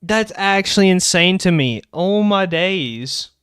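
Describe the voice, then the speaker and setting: A young man streaming live, chatting excitably and rambling about game lore. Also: sits high, clear, resonant tone, no room sound, studio quality. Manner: excitable, rambling, quick bursts of laughter.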